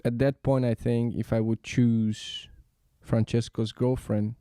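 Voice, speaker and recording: A man's voice: medium pitch, flat delivery, slow pace, mellow, clear, resonant tone, no echo, clean studio sound. A man, not a native English speaker, chatting animatedly on a podcast about his dancing career and often repeating "yeah, yeah, yeah". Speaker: ballroom dancer. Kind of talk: casual podcast conversation.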